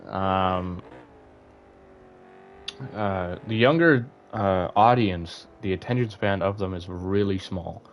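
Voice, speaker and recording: A young man chats casually with his stream viewers, rambling along with plenty of fillers and restarts. His voice is low-pitched and slow, with long pauses, and the recording has the highs cut off plus a little hiss or hum.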